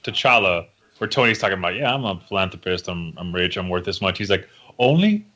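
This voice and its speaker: A man in casual podcast chat who jokes and acts out other people's reactions in high voices. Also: steady tone, fast talker, pushed and bright. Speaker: podcast guest.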